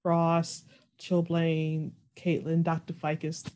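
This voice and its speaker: A woman's voice: deep voice, monotone, slow, a little mellow. A woman co-hosting a podcast, chatting casually as she playfully retells TV scenes. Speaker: podcast co-host. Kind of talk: casual TV episode recap chat.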